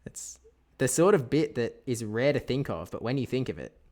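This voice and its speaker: A man's voice: mid-range voice, very animated, normal speed, darkish tone. A young Australian man streaming a game, chatting casually and telling anecdotes with frequent laughs. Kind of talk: casual chat while gaming.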